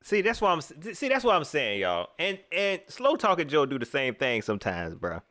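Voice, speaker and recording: A man's voice: a little high, fairly quick, dry recording, clean studio sound. A man hosting a live reaction stream, mocking and laughing as he comments on a clip. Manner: animated, laughing, mocking banter. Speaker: livestream host.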